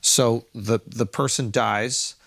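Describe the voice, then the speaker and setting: A man's voice: mid-range voice, fairly even intonation, slow pace, vocal fry, a bit bright. A man with a mid-range voice chats casually as a podcast co-host. He reacts with emphasis and swears freely. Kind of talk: casual chat.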